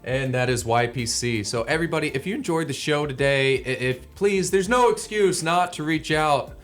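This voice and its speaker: A man hosting a casual radio talk show, upbeat and thanking his guests in quick lists. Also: fairly high pitch, faint music behind. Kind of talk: casual radio chat and sign-off.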